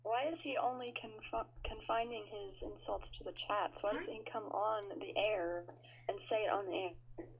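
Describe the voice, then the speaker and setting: A woman's voice: medium pitch, steady tone, normal speed, gravelly, lo-fi sound, crowd noise. A woman co-hosting a casual radio show, blunt, profane and mocking. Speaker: radio co-host.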